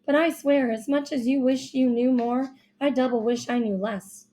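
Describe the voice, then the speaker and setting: Brief: female audiobook narrator, warm and mellow, slightly high, young-sounding first-person read. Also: moderate pace. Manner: expressive, childlike first-person storytelling.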